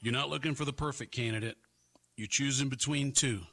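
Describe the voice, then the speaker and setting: Man, talk show host, gravelly, bright tone, sarcastic, emphatic political commentary. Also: medium pitch, fairly even intonation, fairly quick, soft background music. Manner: emphatic and sarcastic, with repetitions for stress.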